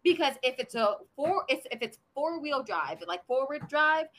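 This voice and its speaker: A woman on a casual podcast, telling a story with animated, profane energy. Her voice sits high and bright, and her pitch leaps around freely as she talks. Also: normal speed. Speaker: podcast co-host.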